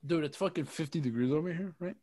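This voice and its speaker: A man's voice: a little high, quick pace, dark tone, breathy edge. A young man co-hosting a podcast in casual chat, loose and joking, always saying "bro" and "you know what I mean". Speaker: podcast co-host.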